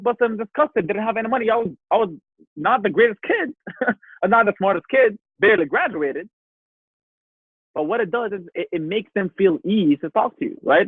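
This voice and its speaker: A man's voice: a little high, no echo, narrow, tinny audio. A man giving a motivational sales training, emphatic, repeating his key points and checking in with "right?" after them.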